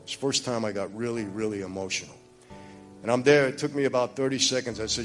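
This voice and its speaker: A man with a New York accent giving a personal testimony. He talks emphatically and confidingly to his listeners, dropping to hushed low passages and rising to urgent ones. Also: quick pace, faint music behind.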